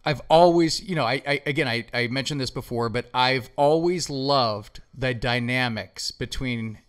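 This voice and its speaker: A man hosting a podcast, telling stories in casual chat, swearing a lot and acting out quotes loudly. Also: mid-range voice, normal speed, smooth. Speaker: podcast host.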